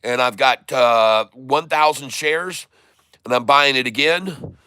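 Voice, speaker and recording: Bright clear-voiced man calling out trades. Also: mid-range voice. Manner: running commentary, repeating tickers slowly. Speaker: stock trading streamer. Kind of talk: live day-trading commentary.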